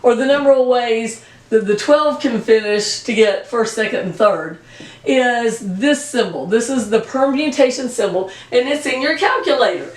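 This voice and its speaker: A woman math teacher giving a recorded lesson, talking straight to her students in a brisk, direct way and repeating her key points. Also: fairly high pitch, lively intonation, recorded from a distance. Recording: roomy echo, voice off-mic.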